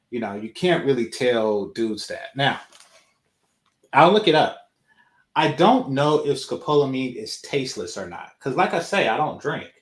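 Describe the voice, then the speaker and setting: A man's voice: mid-range voice, animated, measured pace. A man chatting casually as a co-host, his mid-range voice wandering through thoughts with plenty of fillers. The room around him rings with a noticeable echo. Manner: loose, rambling, many fillers. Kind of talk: casual reaction chat. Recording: roomy echo.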